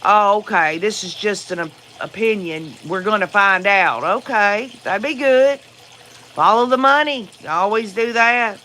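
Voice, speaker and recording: This Southern US livestream host rambles opinionatedly through viewer comments, with frequent fillers, in a casual setting. His high voice sounds pushed and bright, measured in pace with hardly any pauses, and there's slight background noise.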